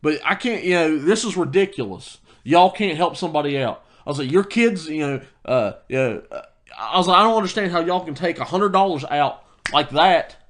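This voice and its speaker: A man's voice: fairly high pitch, lively intonation, brisk, a bit bright. A man co-hosting a podcast, telling a heated story in casual chat with many restarts. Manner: storytelling, quoting himself heatedly, lots of restarts. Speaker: podcast co-host.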